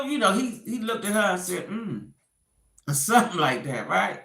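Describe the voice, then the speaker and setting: A woman's voice: medium pitch, normal speed, reverberant. A woman doing casual gossip commentary, acting out the quotes as she retells a story. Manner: animated storytelling, acts out quotes.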